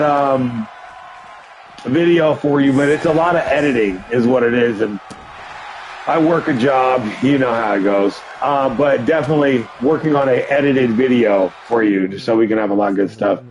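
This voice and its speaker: A man hosting a live stream, calling play-by-play for a wrestling video game in an excitable, often shouting way, with chatty asides to viewers. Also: mid-range voice, normal speed, background noise. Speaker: livestream host and commentator.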